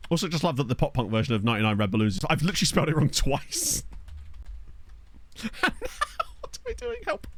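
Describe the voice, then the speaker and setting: Quick, chatty british man streaming. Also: mid-range voice, very animated. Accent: neutral British English. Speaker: streamer playing a football management game. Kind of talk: casual live-stream chat. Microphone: desktop USB microphone.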